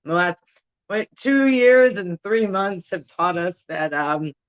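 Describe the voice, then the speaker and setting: A woman co-hosting a podcast, relaxed and chatty with short quips. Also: on the low side, slow, clear, resonant tone, no room sound, muffled recording. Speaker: podcast co-host. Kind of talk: casual chat.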